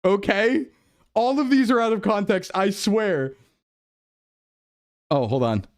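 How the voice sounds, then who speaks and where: A male streamer in casual live chat, talking in a slightly high voice that jumps all over as he laughs and protests. The sound is dry and close, with faint music playing underneath. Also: big pitch swings, a little slow, dry recording. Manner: laughing, flustered, defensive. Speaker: VTuber streamer. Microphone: desktop streaming mic.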